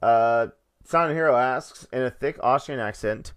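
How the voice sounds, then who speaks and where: A man's voice: medium pitch, normal speed, fairly bright tone, clean tone. A man hosting a casual gaming podcast, easygoing and full of filler "uh"s. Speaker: podcast host.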